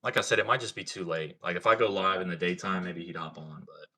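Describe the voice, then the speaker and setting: Low-voiced, bright-toned man chatting on a livestream. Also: steady tone, fast. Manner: laid-back, profane, slangy, lots of "like" and "bro". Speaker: livestream host. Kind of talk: casual livestream storytelling and chat.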